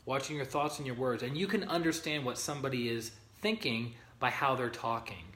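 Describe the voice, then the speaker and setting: A man's voice: mid-range voice, fairly quick, fairly bright tone. A man, a spiritual teacher, giving an informal teaching to an online group, reading passages from a book, greeting viewers by name and checking in with them often. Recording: roomy echo.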